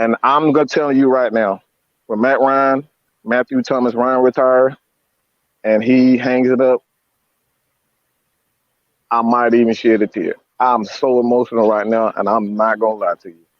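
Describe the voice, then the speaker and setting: A man co-hosting a casual sports talk show, hoarse from losing his voice, emotional and stammering as he speaks from home. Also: medium pitch, fairly even intonation, moderate pace, no echo, dull audio. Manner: emotional, stammering, restarting lines. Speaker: sports podcast co-host. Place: indoors at home without air conditioning.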